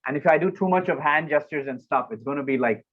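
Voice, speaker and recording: A fairly high-voiced man talks in a relaxed interview as a public speaking coach. He is animated, breaking into loud acted-out lines now and then. The sound is dull and muffled, as over an online call. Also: fast talker. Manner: animated, acts out moments with sudden loud exclamations. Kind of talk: casual interview talk.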